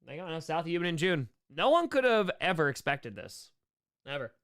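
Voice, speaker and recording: A man's voice: on the high side, big pitch swings, fairly bright tone, clear, resonant tone. A young man hosting a casual live-stream Q&A, reading chat questions and rambling through jokes and asides. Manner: joking, rambling, quick asides.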